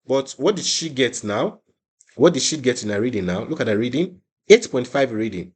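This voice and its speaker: A young adult man leads an online exam-prep class with a voice of ordinary middle pitch. He drives his points home by repeating phrases and often restarts mid-sentence. His steady teaching voice rises high when he gets excited. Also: normal speed, husky. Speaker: IELTS tutor.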